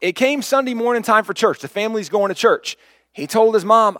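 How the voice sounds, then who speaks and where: A pastor preaching, telling a story with lively, acted-out quotes. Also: male voice, high-pitched, fairly quick, no room sound, studio quality. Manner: animated storyteller, acts out quoted lines. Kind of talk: sermon storytelling.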